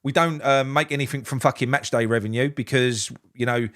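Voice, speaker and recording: A man's voice: mid-range voice, steady tone, brisk, fairly bright tone. A man hosting a live fan reaction stream, reading out chat messages and venting his frustration with plenty of swearing and restarts. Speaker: fan channel host.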